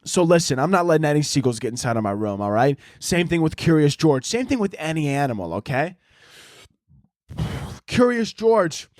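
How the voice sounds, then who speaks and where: A man with a high voice rants through absurd, profane comic bits as a podcast host. His delivery rambles and the sound is close and dry. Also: big pitch swings, normal speed, darkish tone, no room sound. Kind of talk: comedic rant monologue.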